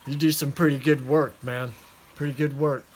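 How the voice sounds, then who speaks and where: A man chatting casually to viewers about his fish in a relaxed, rambling way, talking into a phone and calling everyone man and dude. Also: mid-range voice, moderate pace, breathy edge. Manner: laid-back, rambling, calls listeners man and dude. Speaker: aquarium hobbyist vlogger.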